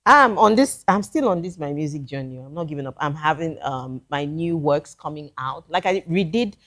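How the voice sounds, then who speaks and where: A woman's voice: deep voice, expressive, normal speed, a bit bright. A woman with a Nigerian accent, a guest musician in a casual talk show chat, speaking earnestly and giving advice with frequent restarts.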